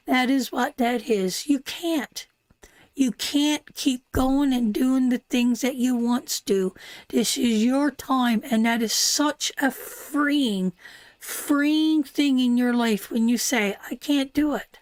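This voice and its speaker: A woman's voice: high voice, slow, dry recording. An older woman from Newfoundland with a Newfoundland accent, hosting a live tarot stream in casual, affectionate talk and calling viewers darling and sweetheart. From Newfoundland, Canada.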